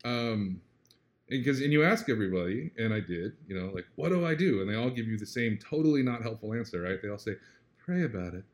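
Man, low voice, interview guest, earnest, reflective, casual conversation. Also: fast. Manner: reflective, earnest, often asks "right?"; animated when retelling a story.

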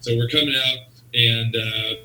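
This man speaks a little slowly at medium pitch, with slight hiss or hum in the audio. A wrestling promoter, he animatedly tells a story in an interview, acting out its people's quotes; the sound is roomy and he's far from the mic.

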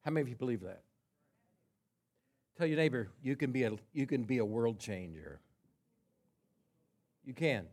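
A pastor preaching a sermon to his congregation in a conversational way, telling a story with quiet asides. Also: on the high side.

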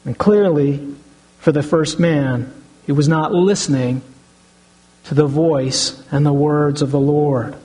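A man's voice: on the high side, steady tone, slow, mellow, breathy edge, poor audio. A middle-aged man, a pastor, preaching an earnest sermon and often addressing the congregation as brothers and sisters.

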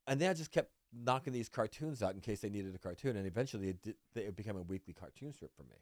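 A middle-aged man from Northern California, a guest cartoonist telling lively stories in a casual interview and acting out other people's lines. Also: fairly low pitch, quick pace, no room sound. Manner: lively anecdote teller who acts out other people's lines.

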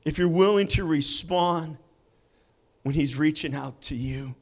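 Slow, higher-voiced preacher man. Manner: slow storytelling with dramatic pauses. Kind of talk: sermon with personal testimony. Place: church sanctuary.

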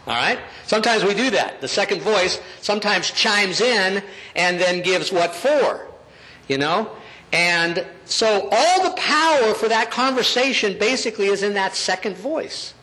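Male pastor, high voice, bright, chatty sermon, asks the audience along. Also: expressive, a little slow, rough recording. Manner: conversational, checking in with the audience.

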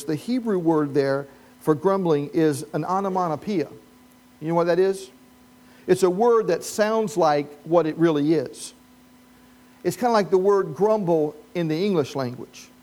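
A man with a notably high voice delivers a sermon as pastor. He preaches with animated humor, throwing questions to the congregation and riffing on the story.

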